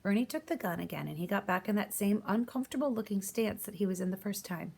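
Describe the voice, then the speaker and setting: A woman reads a children's novel aloud in an even storybook manner. Her voice sits at a middle pitch, and she shifts it for each character's lines. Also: fast, gravelly, a little hiss or hum. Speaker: audiobook reader. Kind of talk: storybook narration.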